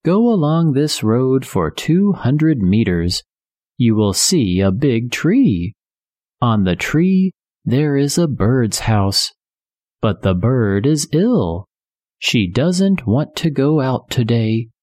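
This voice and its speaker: A reader voicing a friendly, helpful rabbit in a slow storybook reading with a raised, chatty voice. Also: mid-range voice, sing-song, darkish tone, no room sound, studio quality, voice pushed up.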